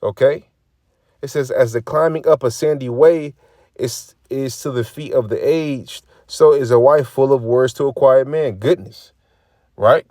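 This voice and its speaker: A man's voice: mid-range voice, measured pace, warm tone, dry recording, studio quality. A man giving casual, profane religious commentary, reading scripture lines and acting out quoted remarks. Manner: preachy, profane, repeats phrases, acts out quoted remarks.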